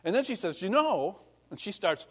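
A man's voice: sits high, big pitch swings, moderate pace, breathy edge. A man preaching a sermon in a conversational way, acting out scripture scenes in different voices. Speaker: pastor.

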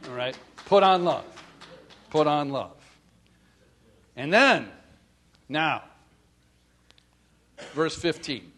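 A middle-aged man preaching a sermon, acting out little scenes and swinging from soft asides to loud calls. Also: fairly high pitch, animated, extremely slow, long pauses. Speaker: pastor.

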